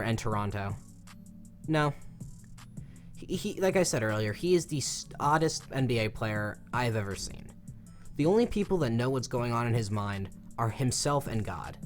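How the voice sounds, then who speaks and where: A young man giving a passionate, exasperated opinion rant as a sports commentator, swinging between loud outbursts and low muttering.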